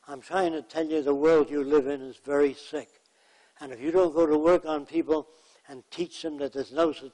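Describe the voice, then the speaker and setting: A man's voice: fairly high pitch, a little mellow, rough recording. Plainspoken man telling stories in a lecture. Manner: anecdotal, plainspoken, acts out quotes. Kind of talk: storytelling lecture.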